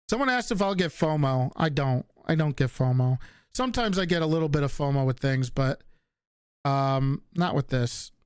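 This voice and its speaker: A man's voice: on the high side, animated, normal speed, clear, resonant tone, no echo. Streamer, male, slight Northeastern US accent, loose chat with viewers, casual cursing, dry close sound. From Northeastern United States. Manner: reads viewer questions aloud and answers offhandedly, swears casually.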